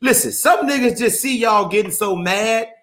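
A man hosting a casual, profane chat, animated and laughing often, repeating his phrases as he riffs. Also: high-pitched, moderate pace. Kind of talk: casual podcast banter.

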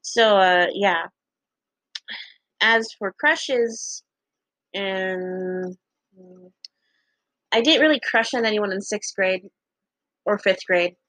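A young woman casually telling a story to her viewers, chatty and laughing often, acting out what people said with big jumps in pitch and casual swearing. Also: very slow, long pauses, a bit bright, no echo, low-quality recording.

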